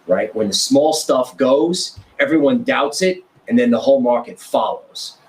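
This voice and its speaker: Male guest panelist, mid-pitched, punchy short phrases, opinionated. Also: animated, a little slow, a little mellow, poor audio. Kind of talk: casual roundtable chat.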